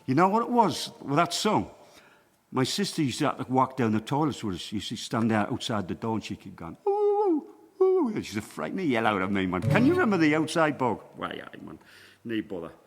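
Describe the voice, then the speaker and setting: A Sunderland man in his sixties, a folk singer with a Mackem accent, chats in jokey broad dialect between songs at a small livestreamed venue, acoustic guitar in the background. His medium-pitched voice swings widely in pitch, moves fast, and carries a long reverb tail.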